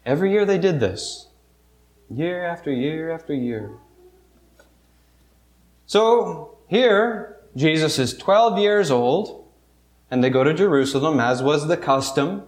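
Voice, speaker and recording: A man preaching a sermon, retelling a Bible story vividly with halting restarts and soft asides. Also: on the high side, animated.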